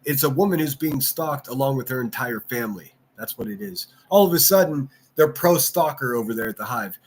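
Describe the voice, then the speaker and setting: A man's voice: mid-range voice, animated, a little fast, vocal fry, slightly rough. Profane, ranting man on a livestream. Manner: reads and answers chat. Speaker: livestream host. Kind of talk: casual livestream commentary.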